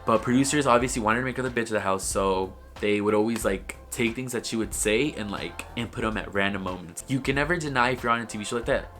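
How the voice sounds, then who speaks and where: A man's voice: on the low side, fast talker, hardly any pauses, fairly bright tone, faint music behind. A young man vlogging in casual, gossipy commentary, rambling and swearing freely, with lots of "like.". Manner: profane, rambling, heavy use of "like". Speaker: YouTube vlogger.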